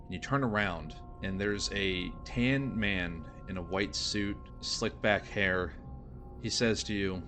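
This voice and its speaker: A man runs a tabletop game as game master. His voice sits very low, and he tells the scene in a measured, descriptive way. Music plays clearly behind him. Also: sharp tone. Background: background music.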